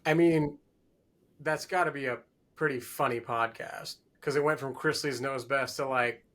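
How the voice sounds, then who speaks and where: A man co-hosting a podcast in a mid-pitched voice. He chats casually, asking questions and tossing in wry, sarcastic jokes. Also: steady tone, moderate pace, a bit bright. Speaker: podcast co-host. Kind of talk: casual chat.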